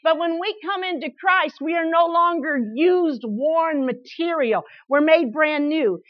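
A woman preaching a sermon in an animated way, often repeating words in quick bursts and laughing as she speaks. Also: very high-pitched, dry recording. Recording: dull, lo-fi, dry sound.

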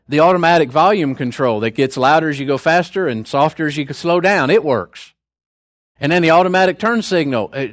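A man's voice: on the high side, no echo. Older man preaching, dry close sound. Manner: conversational, storytelling, folksy asides. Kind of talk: sermon.

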